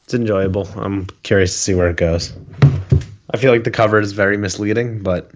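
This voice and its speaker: A man's voice: lowish voice, steady tone, brisk, a little hiss or hum. A man hosting a casual comic book podcast, laid back and a little hesitant, recorded on a dull lo-fi mic. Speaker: podcast host.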